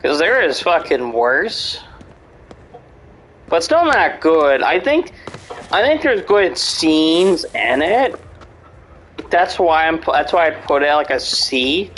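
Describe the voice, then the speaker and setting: A man's voice: a little high, big pitch swings, slow pace, long pauses, fairly bright tone, slight background noise, poor audio. A man in casual chat, rambling and swearing a lot, with many fillers and restarts. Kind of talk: casual chat about horror movies.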